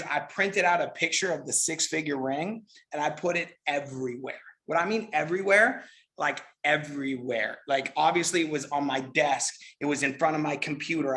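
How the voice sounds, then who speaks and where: A middle-aged man giving a motivational network marketing training, energetic and repetitive, often checking in with "right?". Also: fairly high pitch, brisk.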